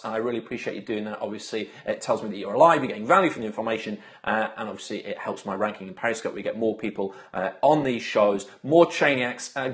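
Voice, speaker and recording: Male live-stream host, rapid casual patter, mid-pitched voice, lots of fillers. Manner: chatty, greets viewers by name, many filler uhs.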